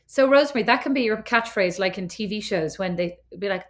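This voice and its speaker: A woman's voice: mid-range voice, animated, fairly quick. A middle-aged Irish woman co-hosting a podcast, chatting casually, teasing and telling stories. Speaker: podcast co-host. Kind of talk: casual chat. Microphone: remote recording setup.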